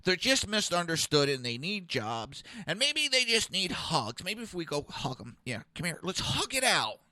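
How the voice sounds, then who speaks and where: A man putting on the voice of a meek, appeasing male president who talks in a soft, cooing, pleading way. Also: high-pitched, sing-song, moderate pace, no room sound, exaggerated voice. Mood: mocking soft.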